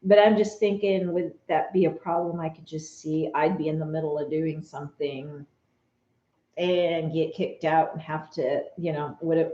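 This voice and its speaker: A woman chats casually with her live viewers, animated and quick to laugh. Her voice is mellow and relaxed. The sound is roomy and a little dull, like a home studio on a modest mic. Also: sits low. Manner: chatty and animated, laughs often, reads viewer comments. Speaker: vlogger chatting with live viewers.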